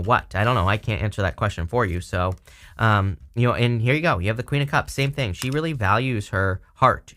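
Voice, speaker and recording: A man's voice: on the low side, fairly bright tone. A man giving a casual, rambling tarot reading, chatty with lots of fillers and frequent laughs. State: hiccups. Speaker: tarot reader.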